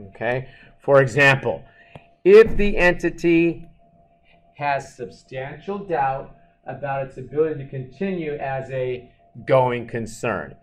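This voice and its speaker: A man lecturing on accounting to a class. He is animated and asks the class questions, then answers them himself. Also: mid-range voice, moderate pace. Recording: echoey classroom, mic far off.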